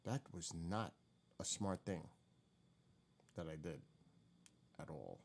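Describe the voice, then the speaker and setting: Low-voiced male streamer, rambling and candid, easygoing chat. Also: animated, slow pace, vocal fry, a little mellow. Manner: rambling, candid, swears now and then. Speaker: live stream host. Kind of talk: casual chat reacting to old clips.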